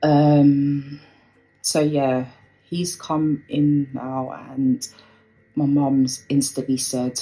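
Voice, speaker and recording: Slow, low-voiced young woman. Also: level tone, mellow, rough recording. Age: young adult. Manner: rambling, with many fillers. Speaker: storyteller. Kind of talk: storytime recounting a personal experience. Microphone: phone.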